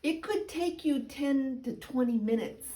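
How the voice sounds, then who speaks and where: A woman midwife giving a chatty, playful instructional demonstration, sometimes dropping into high sing-song baby talk. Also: a little slow, mellow, far from the mic, low-quality recording. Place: indoor room. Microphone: camera mic.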